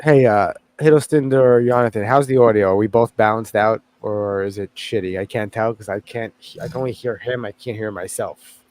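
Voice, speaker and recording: A man's voice: lowish voice, moderate pace, darkish tone, slight background noise. Rambling male podcast co-host. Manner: rambling, self-correcting, swears casually. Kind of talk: casual chat.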